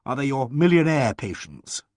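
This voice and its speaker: A man's voice: mid-range voice, big pitch swings, moderate pace, dry recording, studio quality, lightly acted. A man reading aloud voices a jovial male doctor who teases his colleague in hearty banter. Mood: teasing.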